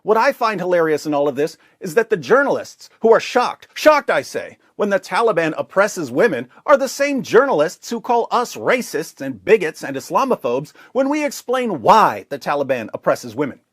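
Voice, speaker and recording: A man giving scripted, mocking commentary in an emphatic delivery that at times rises to near shouting. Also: sits high, sing-song, moderate pace, few pauses, no echo, clean studio sound.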